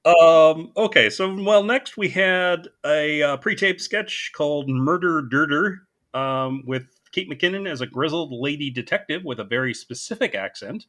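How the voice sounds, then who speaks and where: Measured, bright-toned male co-host. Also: fairly high pitch, expressive. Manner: measured, understated, often hesitant with ums. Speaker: podcast co-host. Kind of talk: casual chat.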